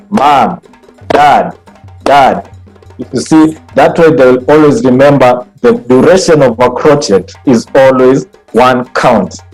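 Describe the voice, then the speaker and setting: A man's voice: medium pitch, darkish tone, low-quality recording. A man training music teachers over a video call, explaining note values and chanting rhythm syllables to demonstrate them. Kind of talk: online training session. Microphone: computer mic on a video call.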